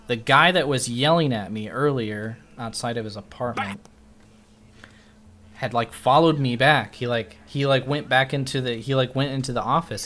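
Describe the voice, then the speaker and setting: A man on stream tells a drawn-out, meandering story in casual conversation, dropping swear words freely and putting on animated voices for quotes. His pitch sits in the middle range.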